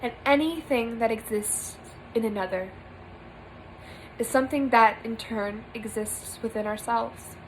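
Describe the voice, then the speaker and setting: A young woman speaks earnestly to her camera, giving a spiritual monologue from a small room. Her voice sits a little high, and she leans on repeated phrases for emphasis. A faint hiss of background noise runs under the recording. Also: unhurried, rough recording. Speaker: spiritual vlogger.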